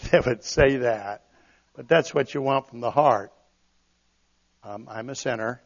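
A male preacher delivering a sermon in an earnest, conversational way, swinging from loud emphasis to quiet asides. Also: medium pitch, dull audio. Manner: earnest, conversational, dramatic shifts in volume.

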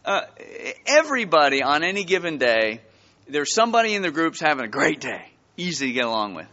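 A man preaching a sermon to his church, telling stories with lively, rising emphasis. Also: fairly high pitch, fairly quick, in a large hall, lo-fi sound. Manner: animated storytelling with rising emphasis. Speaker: pastor. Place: church sanctuary.

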